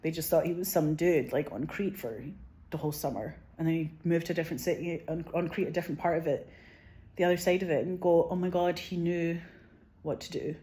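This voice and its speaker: A woman in her forties with a notably low voice talks straight to her viewers, drifting from thought to thought. Her speech is loose and unpolished, peppered with swearing and a constant stream of "like" and "you know what I mean.". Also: fast, dark tone. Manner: rambling and profane, heavy use of "like". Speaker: vlogger. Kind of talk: casual rambling monologue.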